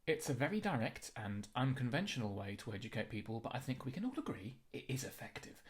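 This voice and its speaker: A young man narrating a comedy apology in a dry, mock-apologetic deadpan. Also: mid-range voice, fast talker.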